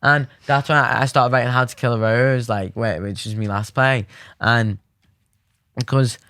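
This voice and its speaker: A man's voice: mid-range voice, steady tone, moderate pace, fairly bright tone, clean tone, dry recording, studio quality. A young man with a Scouse accent, chatting animatedly as a podcast guest, rambling with many fillers and restarts. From Liverpool, England. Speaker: podcast guest, poet and theatre maker. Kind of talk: casual interview chat.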